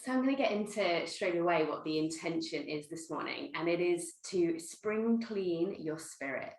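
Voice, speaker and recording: A woman teaching a guided breathwork class, giving gentle, playful instructions. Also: on the low side, animated, moderate pace, echoey room, low-quality recording. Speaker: yoga teacher.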